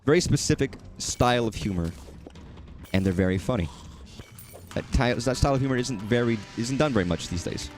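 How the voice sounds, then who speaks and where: A man's voice: medium pitch, animated, fairly quick, darkish tone, soft background music. A man chatting casually while streaming a game, rambling and swearing at enemies. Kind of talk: casual gaming commentary.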